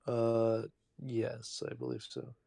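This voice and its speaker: A man taking his turn as a player in a tabletop game, calm and matter-of-fact. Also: medium pitch, slow pace, vocal fry, husky. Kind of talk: casual tabletop play.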